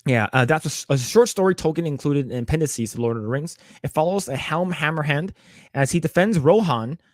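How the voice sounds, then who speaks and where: A man's voice: fairly high pitch, expressive, fairly quick, no room sound, studio quality. A man co-hosting a casual podcast, reading out news items and stopping to react, with many fillers and repeated words. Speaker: podcast co-host.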